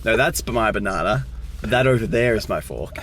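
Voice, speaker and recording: A man's voice: fairly low pitch, animated, normal speed, crowd noise. A young man co-hosting a casual comedic chat in a car, laughing often. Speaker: podcast co-host. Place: inside a car.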